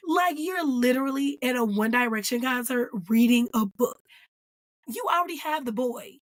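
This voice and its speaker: A woman hosting her own show, recapping a TV episode in a casual, animated and emphatic way. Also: high voice, moderate pace, no room sound. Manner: animated and emphatic, acting out characters' lines and calling them "girl". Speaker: host reviewing a TV episode.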